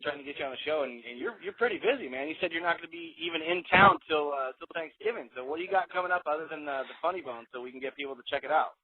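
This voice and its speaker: A man co-hosting a radio show, asking quick, offhand questions. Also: a little high, phone-quality sound, crowd noise.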